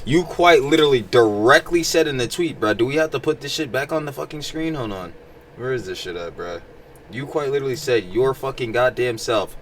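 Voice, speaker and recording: A man's voice: medium pitch, slight background noise. Exasperated, foul-mouthed man reacting. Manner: blunt, exasperated, heavy swearing. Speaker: reaction video host. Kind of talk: profane reaction commentary.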